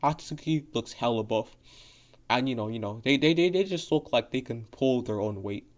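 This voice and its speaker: A man's voice: mid-range voice, animated, moderate pace. A man casually retelling a fan story in a rambling, profane way, full of fillers and restarts. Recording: dull lo-fi audio.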